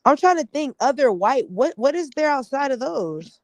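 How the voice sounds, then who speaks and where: A woman's voice: sits high, very animated, normal speed, no room sound. A woman co-hosting a podcast, chatting loosely, laughing often and mimicking other people. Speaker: podcast co-host. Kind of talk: casual podcast chat.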